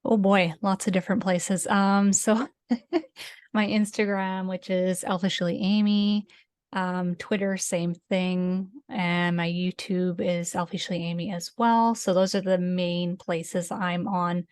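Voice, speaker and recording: A woman with a Canadian accent, a guest on a casual podcast, easygoing and quick to laugh. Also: fairly low pitch, flat delivery, a little mellow, clean tone. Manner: easygoing, hedging, laughs often.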